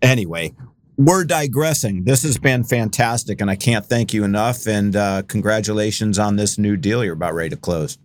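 A man hosts an interview show in a lowish voice, recorded dry and close with no room sound. He talks in a friendly, chatty way. His questions wander before reaching the point. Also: moderate pace, no room sound. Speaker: podcast host. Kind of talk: casual interview conversation.

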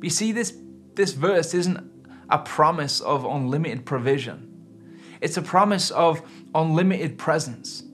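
This preacher's voice is on the high side and fairly bright, and he speaks unhurriedly. He delivers his sermon earnestly and with emphasis, intensity rising and falling, over faint background music.

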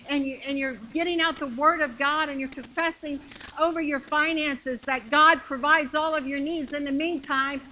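A woman's voice: high-pitched, pushed and bright, a little hiss or hum, poor audio. A middle-aged woman preaching a sermon in a conversational, emphatic way, repeating phrases to build up her point, with a congregation answering her.

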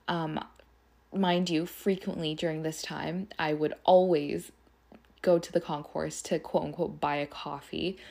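A young woman with a slightly low voice hosts her podcast, telling her story casually to her listeners. She talks in a loose, gossipy flow, swears freely and leans on "like" in nearly every sentence. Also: vocal fry, a little mellow. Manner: chatty and profane, heavy use of "like". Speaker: podcast host.

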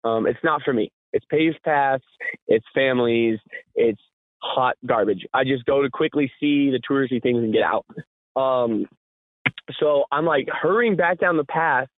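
A man co-hosting a podcast, telling a story in a casual, animated way, laughing often and swearing freely. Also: medium pitch, measured pace, dry recording. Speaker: podcast co-host. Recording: tinny phone-like sound, dry.

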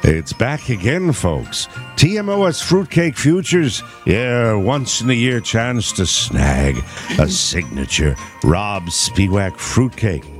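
A man's voice: lowish voice, sing-song, takes it slowly, music in the background. A man putting on a pompous old-time announcer voice for a holiday fruitcake commercial.

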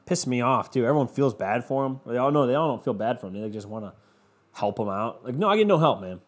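A man's voice: medium pitch, animated, quick pace. A man ranting in a sarcastic, profane, rambling comedic monologue as a podcast host. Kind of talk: comedic rant.

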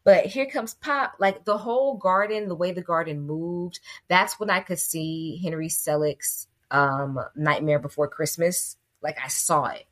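A woman's voice: lowish voice, unhurried, hardly any pauses. Woman co-host, casual and profane. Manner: animated, profane retelling. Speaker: podcast co-host reviewing a film. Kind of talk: casual chat.

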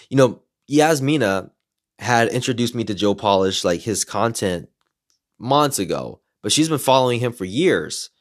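A man casually telling a story as a podcaster, excited and animated, acting out what people said. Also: fairly low pitch, no echo, clean studio sound. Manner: excited, animated retelling with quoted voices.

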